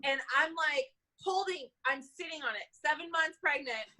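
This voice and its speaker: A woman, an animal control officer, telling an animated story in a casual interview and laughing often. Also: sits high, normal speed, low-quality recording.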